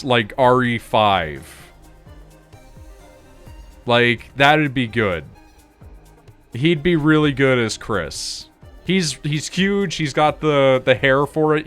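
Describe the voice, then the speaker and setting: A man chats casually while streaming a game, rambling through restarts and tossing in casual swearing. His pitch moves in a lively, animated way as he talks. Faint music plays in the background. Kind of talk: casual chat while gaming.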